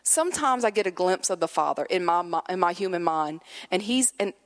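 A woman preaching a conversational sermon, telling lively personal stories and acting out a child's voice. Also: on the low side, a little fast. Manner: animated storyteller, acts out her son's voice. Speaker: guest preacher. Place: church sanctuary. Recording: long hall reverb.

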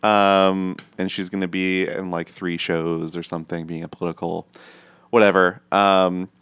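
A man's voice: sits low, little pitch movement, normal speed, a bit bright, clean tone, dry recording, highs cut off. A man chatting casually as a podcast co-host, easygoing and telling a story with many fillers. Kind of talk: casual chat.

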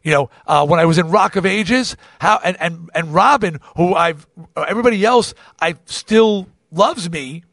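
A man hosting a podcast, telling a personal story in an animated way, often restarting and repeating words. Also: high voice, moderate pace, hardly any pauses, no room sound, studio quality. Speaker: podcast host. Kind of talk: confessional storytelling.

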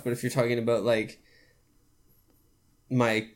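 A man's voice: mid-range voice, normal speed, long pauses. A Canadian man co-hosting a casual podcast, joking and swearing freely as he acts out quoted people. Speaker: podcast co-host. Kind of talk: casual chat.

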